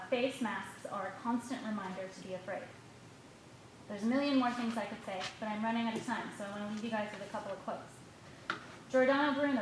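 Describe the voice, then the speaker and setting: A woman delivers a prepared public comment at a school board meeting, reading quickly and pointedly from her notes. Her fairly high voice rings out in a very echoey meeting hall. A faint hiss of noise sits underneath. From United States. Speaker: parent giving public comment.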